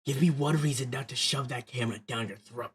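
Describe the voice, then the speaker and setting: A man's voice: mid-range voice, fairly quick, breathy edge, voice pushed down. A man voicing a hostile, aggressive young man who threatens and sneers. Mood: threatening. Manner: threatening, contemptuous.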